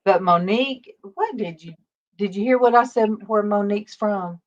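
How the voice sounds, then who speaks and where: A woman's voice: mid-range voice, moderate pace, dull audio. A middle-aged woman hosting a casual livestream chat, reading viewer comments aloud and talking with her daughter. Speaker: host.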